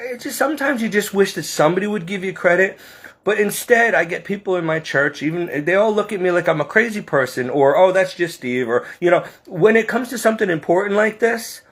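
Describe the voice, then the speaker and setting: A man's voice: high-pitched, a bit bright. Earnest, tearful man. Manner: earnest, heartfelt, fighting back tears. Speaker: Catholic vlogger. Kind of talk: emotional personal monologue.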